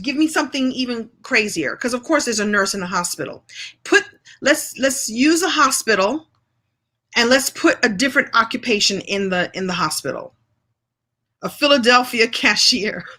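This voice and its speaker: Woman from New York hosting a lively live chat, bright and forceful, a bit high. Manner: playful, exclamatory, laughs often. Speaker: speaker hosting a live session. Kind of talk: lively live-stream chat with an improv game.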